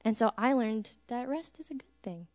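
A woman telling her story in church with lively, energetic animation. Her voice sits a little higher than most. She speaks as a teacher sharing a personal testimony. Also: normal speed. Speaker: teacher and church pianist giving a mission trip testimony.

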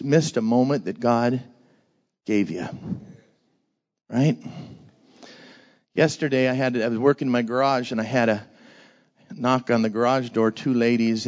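A man pastor giving an energetic sermon for children, drawing the audience into call-and-response and telling stories. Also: mid-range voice, muffled recording.

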